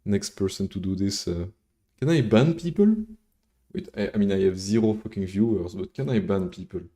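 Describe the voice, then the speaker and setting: A French-speaking man live codes and thinks aloud casually, chatting with viewers between code steps and swearing now and then. His voice is fairly low and dark, at a moderate pace, and he tends to ramble.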